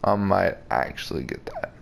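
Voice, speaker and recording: Male gamer, low gravelly voice, slow joking commentary, faint noise behind. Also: wildly swooping pitch. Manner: joking, crude, talks back to the game. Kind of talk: casual let's play commentary.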